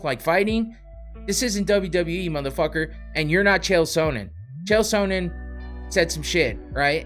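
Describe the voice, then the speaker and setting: A man's voice: sits high, fairly bright tone. A man hosting a podcast, ranting in a heated, profane way. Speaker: podcast host. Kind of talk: casual podcast rant.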